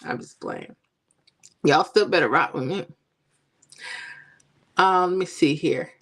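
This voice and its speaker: A woman hosting a casual livestream, chatting with viewers and teasing them in a playful, animated way. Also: fairly low pitch, slow pace. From Florida. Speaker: livestream host. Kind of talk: casual chat with live viewers.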